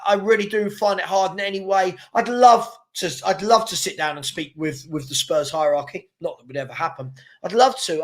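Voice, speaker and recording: Man, high voice, casual livestream host, rambling and repetitive. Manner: rambling, repeats words, chatty shout-outs to viewers. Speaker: fan channel host. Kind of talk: casual livestream chat reading comments.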